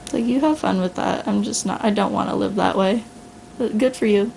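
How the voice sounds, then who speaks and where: A woman talks straight to the listener in a casual, blunt motivational monologue. Her mid-pitched voice carries a gravelly fry. A faint hiss sits under it. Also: steady tone, moderate pace, darkish tone, rough recording. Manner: blunt, earnest, casual, addresses listener as "you". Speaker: vlogger. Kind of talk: motivational self-talk monologue.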